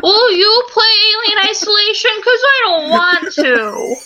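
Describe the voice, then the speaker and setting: A woman's voice: very high-pitched, sing-song, unhurried, hardly any pauses, pushed and bright, rough recording. A woman co-hosting a casual podcast, teasing and mocking a friend. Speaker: podcast co-host. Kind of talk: casual chat.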